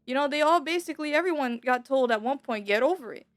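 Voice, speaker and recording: A woman's voice: high-pitched, expressive, fast talker, no echo. A young adult woman telling a personal story in a casual, rambling way, full of slang and filler words. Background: soft background music.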